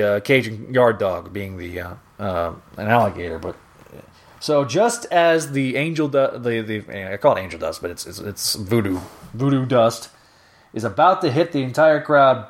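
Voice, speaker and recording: A man hosting a podcast alone, recapping a comic story in a rambling, self-correcting way. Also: medium pitch. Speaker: podcast host. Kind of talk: casual solo comic recap.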